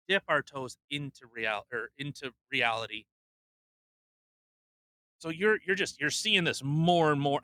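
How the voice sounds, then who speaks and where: A young man co-hosting a podcast, ranting bluntly in casual chat, swearing and mocking people with quick impressions. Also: on the high side, sharp tone, no echo. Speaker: podcast co-host.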